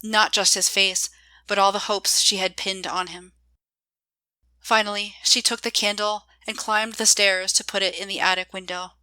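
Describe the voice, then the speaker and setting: A woman reading her own short story aloud in a measured, calm way. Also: medium pitch, no echo. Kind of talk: scripted narration.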